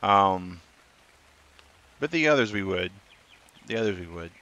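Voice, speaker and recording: Bright-voiced man streaming a game. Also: low voice, expressive, a little slow, muffled recording, a little hiss or hum. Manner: chatty, reads and answers chat. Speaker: gaming streamer. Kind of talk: live gameplay commentary.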